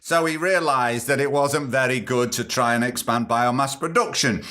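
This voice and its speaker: A man's voice: mid-range voice, moderate pace, pushed and bright. A man hosting a casual news podcast, reading stories aloud and adding cheeky, sarcastic asides. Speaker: podcast host.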